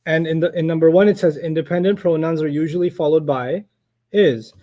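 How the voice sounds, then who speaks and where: A man's voice: on the high side, steady tone, fairly quick, mellow, dull audio. A man teaching an Arabic lesson to a class, playful and teasing, laughing often as he corrects a student.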